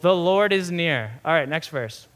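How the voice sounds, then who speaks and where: Give me a young male pastor preaching a sermon in a chatty, lively way, with a bright, slightly high voice. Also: measured pace. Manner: conversational, animated storytelling with many asides.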